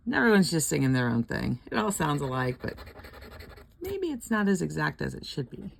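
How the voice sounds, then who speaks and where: Gravelly low-voiced older woman chatting. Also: sing-song, fairly quick. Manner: chatty and rambling, laughs often, murmurs letters half under her breath. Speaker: scratch-off lottery vlogger. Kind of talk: casual chat while scratching tickets.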